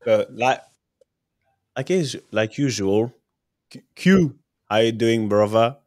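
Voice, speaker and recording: A man's voice: on the low side, steady tone, slow pace, darkish tone, dry recording, studio quality. A man hosting a casual football podcast, playful and joking, switching between French and English. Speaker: podcast host. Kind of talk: casual chat.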